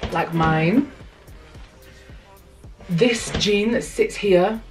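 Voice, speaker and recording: A young British woman talks through a try-on haul in a candid, exclamatory way, calling the viewer "hun". Her voice sits a bit low for a woman. She is picked up from a few steps back in an indoor room, with faint music in the background. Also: a little mellow, far from the mic. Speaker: vlogger. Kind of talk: casual try-on haul chat. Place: indoor room with a mirror and a stool.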